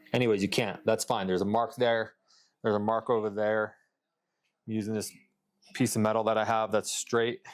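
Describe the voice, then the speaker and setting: A man casually explaining his fabrication work to the camera in a workshop vlog, rambling, muttering and swearing to himself as he measures. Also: on the low side. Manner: loose and rambling, talks to camera while measuring. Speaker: custom truck fabricator.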